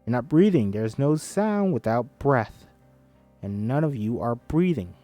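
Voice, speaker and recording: A man voicing a loud, pushy male choir teacher who shouts theatrical coaching at his students. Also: mid-range voice, expressive, measured pace, faint music behind, lightly acted. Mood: ranting.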